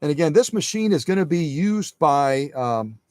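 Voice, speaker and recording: A man's voice: fairly high pitch, animated, moderate pace, a little mellow, no echo, clean studio sound. A man hosting a live sewing machine demonstration, chatting with viewers in a folksy, instructive way.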